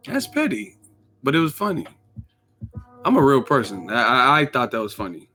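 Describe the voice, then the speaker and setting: A man's voice: mid-range voice, very animated, normal speed, pauses often, sharp tone, soft background music. Profane joking man ranting about boxing. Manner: joking, profane, acts out quotes with laughs. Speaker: boxing commentary channel host. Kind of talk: casual opinion rant.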